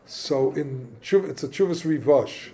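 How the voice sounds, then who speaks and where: A man gives an informal Torah class, peppered with Hebrew and Yiddish terms. His voice sits a little high. He asks questions and works through the points in a loose, chatty way. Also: measured pace, mellow, slight background noise. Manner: casual, questioning, yeshivish phrasing mixed with English. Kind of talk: informal Talmudic lesson.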